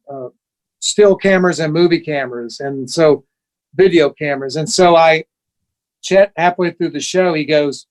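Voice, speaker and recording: Older man in his 60s, guest on an interview, lively storyteller who slips into quoted voices, on the higher side of male pitch. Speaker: guest musician.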